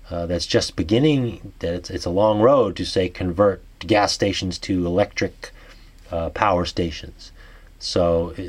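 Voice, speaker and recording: Halting, low-voiced man with a New York accent. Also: darkish tone. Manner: halting, many restarts and trailing fillers. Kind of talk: reading articles and musing aloud.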